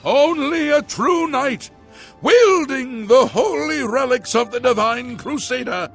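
Voicing a grim prophet of doom for a video game, an actor uses a full character voice: very high, slow, with lively intonation and vocal fry. He solemnly declaims warnings that an ancient sorcerer is returning and chants ancient words, as faint music plays behind.

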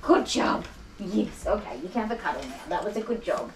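A woman's voice: medium pitch, animated, fairly quick, a little hiss or hum. A woman grooms a dog, coaxing it with soothing, repetitive praise and chatty asides to viewers. Her voice rings in an echoey room over a faint buzz of clippers. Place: grooming salon. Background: electric clippers buzzing.

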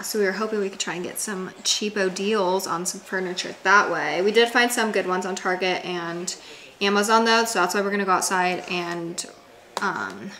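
Medium in pitch and sharp in tone, a young vlogger in her twenties complains candidly of workout soreness at home, dropping casual swear words. The recording carries room echo and noticeable background noise.

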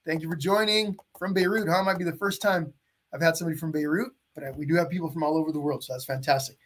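Male art instructor, live stream, friendly and chatty, slightly higher voice with a husky edge. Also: steady tone, fast, a bit bright. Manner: chatty, greets viewers by name. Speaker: painting instructor. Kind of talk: live-streamed painting lesson.

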